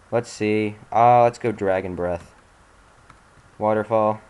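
A man's voice: lowish voice, steady tone, very slow, vocal fry, pauses often, darkish tone, clear, resonant tone. A man hosting a let's-play, giving casual gameplay commentary while exasperated, muttering and swearing at the game.

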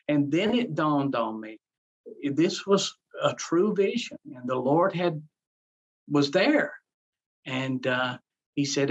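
A man's voice: a little high, animated, measured pace, fairly bright tone, husky. A man, a pastor, telling his life story in an interview in an earnest way, repeating phrases and acting out his own past words. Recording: dull lo-fi sound.

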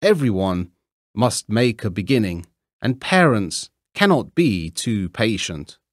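A man's voice: lowish voice, sing-song, slow pace, no room sound, clean studio sound, full character voice. A man voicing a prim, proper mother duck in a storybook reading.

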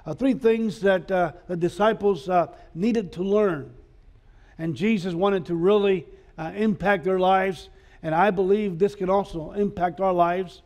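A man's voice: high-pitched, unhurried, a little mellow, muffled recording. A man preaching a sermon as pastor in a school chapel, speaking earnestly with frequent filler sounds.

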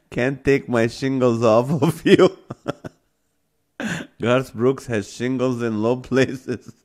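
A man hosting a live stream reads viewers' puns aloud at a slow pace. He keeps breaking into helpless laughter and sounds close to tears. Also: mid-range voice, darkish tone. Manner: laughing helplessly between punny lines. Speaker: host. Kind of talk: live-stream chat reading comments.

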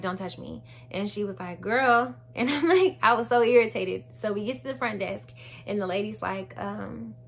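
A young woman telling a birth story to her viewers in animated, casual chat, acting out what people said. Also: medium pitch. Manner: animated, addresses viewers as y'all, acts out quotes.

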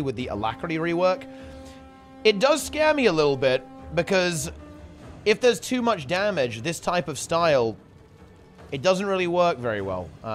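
A man casting a live online game tournament in a chatty, rambling way, often correcting himself mid-sentence. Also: on the high side. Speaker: esports tournament commentator. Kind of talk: casual live game commentary.

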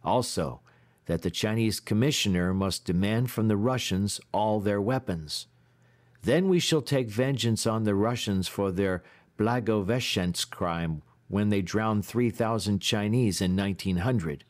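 A man voicing a male orator plotting with a crowd, in a plain, steady reading. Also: on the low side, unhurried, lightly acted.

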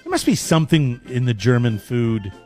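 A man with a middle-pitched voice co-hosting a radio talk show, teasing and blunt. He speaks over a faint music bed. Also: big pitch swings, moderate pace, a little mellow. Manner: teasing, laughs, blunt exclamations. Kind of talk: casual morning radio banter. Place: radio studio.

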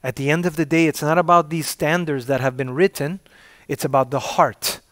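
A man preaching a sermon in a slightly raised pitch, calling out to his congregation for an amen and punching key words with sudden loud emphasis. His voice sounds dry and close. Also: steady tone, normal speed, dry recording. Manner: call-and-response, repeating "say amen if you're with me". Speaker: pastor.

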